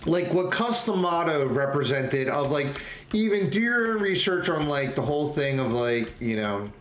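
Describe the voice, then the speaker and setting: Goofy rambling young guy on a late night stream, kinda high voice, getting sleepy, echoey room w/ faint typing in the back. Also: very animated, normal speed, fairly bright tone, a little hiss or hum. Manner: rambling, goofy, laughs often. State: getting tired.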